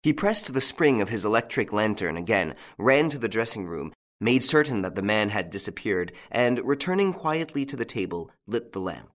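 A man narrating a mystery novel in measured, dramatic scripted narration. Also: on the low side, big pitch swings. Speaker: audiobook narrator.

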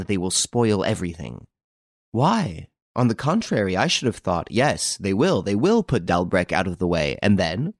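Deep-voiced man reading an audiobook. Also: no room sound, clean studio sound. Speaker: narrator. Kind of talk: scripted audiobook narration.

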